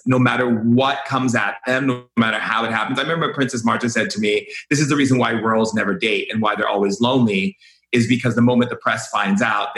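A man's voice: mid-range voice, a bit bright. A man guesting on a podcast, talking in an effusive way, often repeating his phrases and filling with "you know". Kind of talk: warm conversational interview. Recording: roomy echo.

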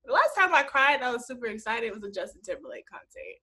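Young woman chatting, high bright voice that bounces all over, laughs a lot. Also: fast talker, husky. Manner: animated, laughs often, acts out quotes. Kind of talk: casual chat.

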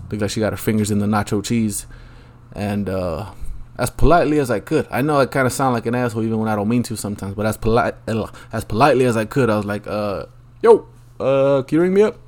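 A man's voice: lowish voice, fairly even intonation, quick pace. Man ranting profanely on a podcast. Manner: rambling, profane ranting with frequent ums. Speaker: podcast host. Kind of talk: solo podcast monologue.

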